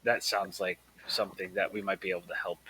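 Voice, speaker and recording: A man's voice: deep voice, little pitch movement, quick pace, pushed and bright, poor audio. A man playing a tabletop game in a breezy, laid-back way. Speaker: player. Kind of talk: tabletop role-play.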